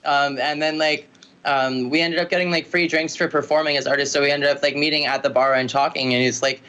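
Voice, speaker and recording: A woman musician telling stories in a casual interview, rambling and lively with lots of filler words. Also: sits low, fairly quick. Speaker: musician guest.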